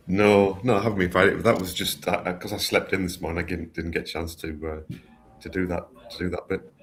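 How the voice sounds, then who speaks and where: A man's voice: deep voice, steady tone, moderate pace, fairly bright tone. A man co-hosting a podcast, easygoing and chatty, often repeating his first words. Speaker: podcast co-host. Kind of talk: casual chat.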